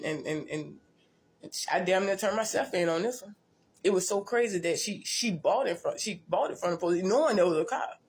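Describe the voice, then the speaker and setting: A woman tells her life story in a blunt, profane, rambling way, often restarting and repeating herself. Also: mid-range voice. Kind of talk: casual storytelling monologue.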